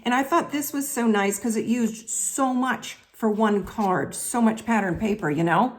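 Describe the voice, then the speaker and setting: A woman's voice: fairly high pitch, a little slow. A woman with a Southern US accent hosting a chatty craft tutorial, talking straight to her viewers in a folksy way. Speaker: craft video host.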